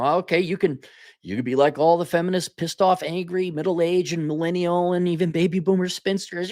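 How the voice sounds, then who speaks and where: A man's voice: a little high, a little fast, darkish tone. A man hosting a show, talking in a blunt, profane, sarcastic casual monologue and reading out viewer comments. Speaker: host.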